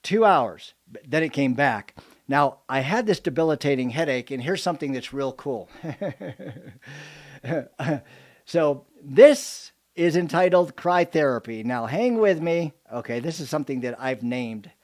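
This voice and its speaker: A man giving a motivational live talk as a business coach, telling animated stories and joking with his audience. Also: mid-range voice, measured pace. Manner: animated storytelling, jokes to the audience.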